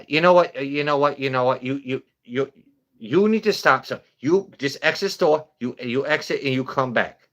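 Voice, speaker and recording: A man voicing an irate older male shop owner who scolds a customer in broken English, repeating himself loudly. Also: mid-range voice, normal speed, voice pushed up, close to an everyday voice. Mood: scolding. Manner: scolding, repetitive, loud.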